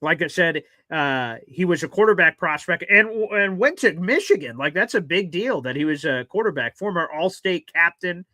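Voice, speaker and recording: Male sports podcast host, bright tense voice, dry close mic, animated chatter. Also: fairly high pitch, normal speed, hardly any pauses, dry recording, poor audio. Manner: animated, swings into loud exclaiming. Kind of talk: casual sports talk. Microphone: streaming studio mic.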